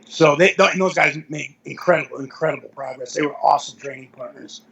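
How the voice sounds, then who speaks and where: A man's voice: fairly high pitch, fast, gravelly, a bit bright, rough recording. A middle-aged man, a veteran powerlifter, telling rambling anecdotes as an interview guest, with self-corrections and chuckles. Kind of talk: casual storytelling interview.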